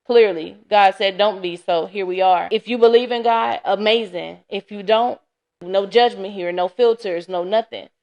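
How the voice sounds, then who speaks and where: A woman's voice: medium pitch, normal speed, darkish tone, dull audio. Woman, podcast host, casual solo talk, candid, chatty, tired, laughs often. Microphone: camera.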